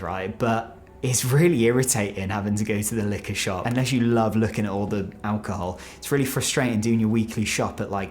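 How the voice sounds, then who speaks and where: British guy rambling about words to camera, chatty and animated, bit of faint noise behind. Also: fairly low pitch. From United Kingdom. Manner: chatty and animated, quick asides. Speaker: video creator explaining slang. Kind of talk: casual explainer to camera.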